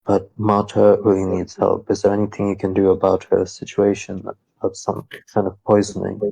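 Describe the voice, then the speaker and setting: A man's voice: deep voice, completely flat delivery, moderate pace, vocal fry, warm tone, breathy edge, no room sound, rough recording. A man playing a tabletop game, speaking earnestly for his character. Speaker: player.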